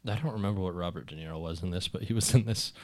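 A man's voice: low-pitched, racing, no echo. A man hosting a casual podcast chat, rambling and swearing often. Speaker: host.

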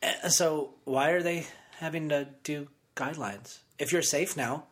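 A man's voice: a little high, measured pace. A man co-hosting a podcast, talking casually with a sarcastic, contrarian streak. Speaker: podcast co-host.

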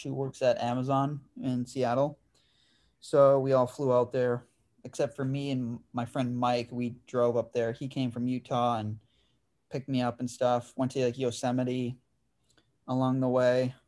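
In a casual podcast chat, a twenty-something male host relates a story, often dropping "dude" and "like." His mid-range voice has a slightly mellow quality.

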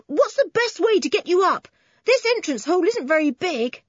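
A woman voicing an excited young boy who shouts eagerly for his cousin. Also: very high-pitched, normal speed, dry recording, dull audio, voice pushed up.

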